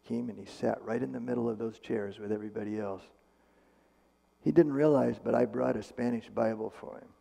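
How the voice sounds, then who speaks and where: A man's voice: mid-range voice, fairly even intonation, brisk, vocal fry, warm tone. A man, a medical missionary speaker, retelling a testimony in a casual, conversational way with fillers and restarts, in a church hall. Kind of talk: storytelling testimony.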